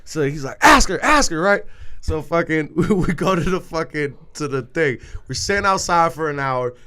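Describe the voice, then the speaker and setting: Bright-voiced man telling crude stories. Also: on the high side, moderate pace, clean tone. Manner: crude, rambling, laughs while telling stories. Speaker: podcast co-host. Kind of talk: casual storytelling chat.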